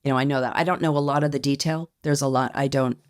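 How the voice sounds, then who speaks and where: A woman being interviewed as a company founder, speaking in a reflective, measured way and often hedging her points. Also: a bass voice, steady tone, dry recording, clean studio sound. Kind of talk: podcast interview.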